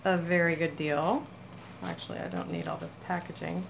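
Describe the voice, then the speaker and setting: A woman hosting a casual crafting haul video, gushing with excitement over small items. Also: sits low, moderate pace, creaky, background noise. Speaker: crafting channel host. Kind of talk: casual haul chat to camera.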